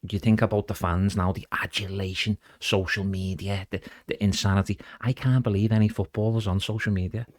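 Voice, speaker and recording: A man's voice: lowish voice, fairly even intonation, brisk, few pauses, no echo, clean studio sound. A middle-aged man chatting as a podcast guest, rambling casually and calling the host "mate". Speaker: guest impressionist.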